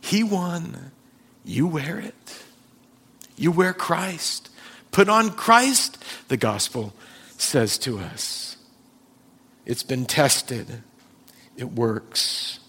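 Slow, emphatic preacher man. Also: a little high, sing-song, fairly bright tone, slightly rough. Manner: emphatic, acts out Bible scenes in changing voices; slow, deliberate delivery with dramatic pauses. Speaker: pastor. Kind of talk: sermon.

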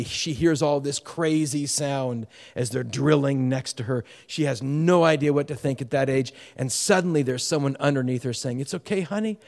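Man, middle-aged, pastor, sermon, higher-pitched, reverberant hall, loud and hushed by turns. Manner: storytelling with sudden shifts between loud urgency and hushed tenderness.

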